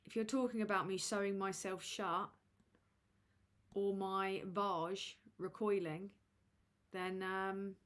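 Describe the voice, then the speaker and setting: Slow-talking crude woman streamer. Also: mid-range voice, steady tone. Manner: crude, sardonic, roasting. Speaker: livestream host. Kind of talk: casual livestream chat reading super chats.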